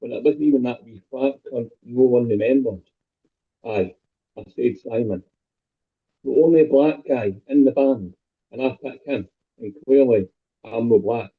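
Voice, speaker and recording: A Scottish stand-up comedian performs a set over a video call, delivering crude, self-deprecating punchlines. His mid-range, slightly rough voice moves a little slowly with long pauses, and the call audio sounds tinny and phone-like.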